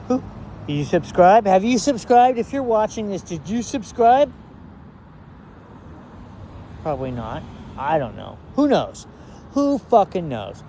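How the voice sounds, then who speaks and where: A man's voice: sits high, a little mellow, a little hiss or hum. A man vlogging to camera in an angry, rambling rant, swearing heavily and sounding exasperated.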